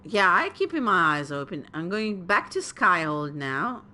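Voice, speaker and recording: Lively, bright-voiced woman streamer. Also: on the low side, unhurried. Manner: chatty, excitable, swears and laughs. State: tired. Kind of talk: casual let's-play commentary.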